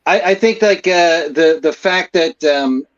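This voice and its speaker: Male panelist, mid-pitched, loose rambling delivery, muffled lo-fi audio. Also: a little slow. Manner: rambling, many fillers and restarts. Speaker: podcast panelist. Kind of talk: casual chat.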